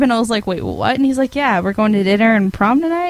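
A teenage girl casually telling a long dream story, giggling and rambling, with high, lively quoted voices. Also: fast talker, vocal fry, no room sound, rough recording.

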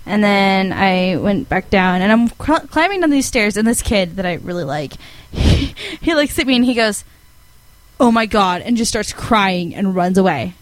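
A teenage girl casually telling a long dream story, giggling and rambling, with high, lively quoted voices. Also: moderate pace, hardly any pauses, dry recording, poor audio.

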